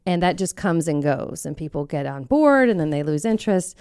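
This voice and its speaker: A woman from Kentucky who leads an advocacy group, answering interview questions in an earnest, explanatory way. Her voice sits a little low, with gravelly fry over a smooth, resonant tone. The sound is close and dry. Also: very animated, fairly quick, a little mellow, dry recording. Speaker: executive director of an advocacy group.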